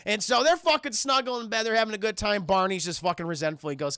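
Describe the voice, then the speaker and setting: A young man streams a crude, animated film review and keeps talking to his chat. His high voice crackles with heavy fry and sounds bright. The recording is dry and close. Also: fast, hardly any pauses, no echo. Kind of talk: casual film review commentary.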